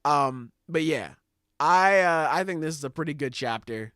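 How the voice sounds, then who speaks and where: A man's voice: on the high side, lively intonation, moderate pace, a bit bright, no room sound, clean studio sound. A man hosting a podcast in casual chat, joking crudely and laughing often. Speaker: podcast host.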